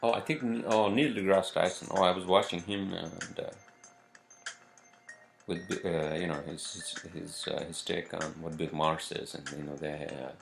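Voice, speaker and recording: A man's voice: low-pitched, steady tone, moderate pace, gravelly, faint music behind. A man hosting a solo podcast, rambling off-script with lots of cursing, fillers and restarts. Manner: profane, meandering, lots of fillers. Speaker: podcast host.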